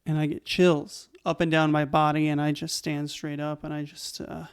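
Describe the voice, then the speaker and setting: A young adult man telling his own stories in a casual, animated way as a channel host. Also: fairly high pitch, normal speed, clean tone. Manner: animated, conversational, laughs between lines. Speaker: YouTube host. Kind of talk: casual storytelling to camera.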